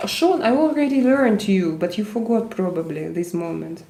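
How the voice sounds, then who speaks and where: A woman from Russia with a Russian accent, hosting a casual livestream and chatting with viewers in a halting, restarting way. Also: medium pitch, warm tone, roomy sound. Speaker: livestream host.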